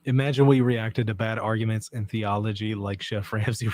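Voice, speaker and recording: A man hosting a livestream, reading out viewer comments in relaxed, self-mocking chat and laughing often. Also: fairly low pitch, normal speed. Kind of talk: casual chat.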